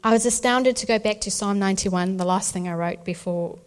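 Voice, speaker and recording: A woman's voice: mid-range voice, a little fast. A woman, telling a birth story as church testimony and acting out the voices of the people in it. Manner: animated storytelling, acts out voices. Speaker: speaker sharing a birth testimony. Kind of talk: testimony talk at a church event.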